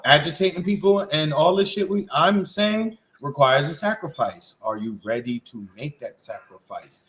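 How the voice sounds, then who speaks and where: A man from Queens, co-hosting a political podcast in a blunt, profane, animated way. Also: on the high side, slight background noise, rough recording. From Queens, New York. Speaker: co-host. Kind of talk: casual political podcast chat.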